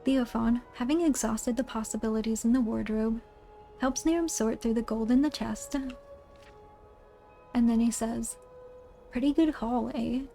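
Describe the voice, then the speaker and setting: A woman's voice: fairly high pitch, fairly even intonation, moderate pace, vocal fry, long pauses, dark tone, faint music behind. A woman narrating a spooky play aloud, reading the stage directions in a plain storybook way.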